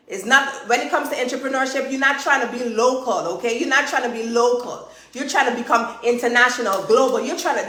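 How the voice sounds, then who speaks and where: A woman hosting a live stream as a trainer, chatty and energetic, driving her points home with repeated "okay?". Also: a little high, roomy sound. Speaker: host and trainer. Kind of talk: live-streamed motivational chat.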